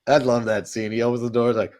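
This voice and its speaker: A man co-hosting a casual podcast, animated and quick to laugh. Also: mid-range voice. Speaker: podcast co-host. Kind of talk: casual chat.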